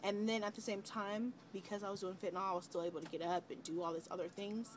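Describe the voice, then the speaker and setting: A woman's voice: mid-range voice, quick pace, slight background noise. Chatty young woman telling a story. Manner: chatty, relaxed retelling with many fillers and quoted dialogue. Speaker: vlogger, mother of twins. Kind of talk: casual storytelling.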